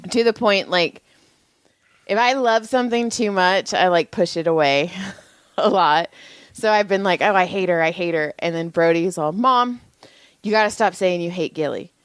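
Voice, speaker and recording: A woman's voice: lowish voice, normal speed, smooth, no echo. Blunt, teasing woman on a podcast. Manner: blunt, profane, teasing banter. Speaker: podcast co-host. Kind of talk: casual chat.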